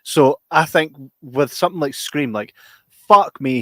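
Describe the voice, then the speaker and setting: A man's voice: a little high, a little slow, dry recording. A Scottish man hosting a podcast, telling stories animatedly and swearing freely. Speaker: podcast host. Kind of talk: casual chat.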